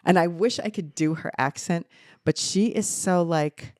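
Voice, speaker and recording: Woman, New Jersey accent, middle-aged, emphatic casual chat, lowish voice, dry sound. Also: unhurried, dry recording. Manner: animated, emphatic, talks over others. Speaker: podcast co-host.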